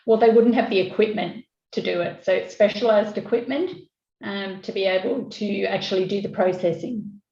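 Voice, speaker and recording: A woman, a business owner, explaining her work hesitantly with many pauses over a video call. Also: medium pitch, creaky, mellow. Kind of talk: casual chat. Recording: echoey dull video-call audio.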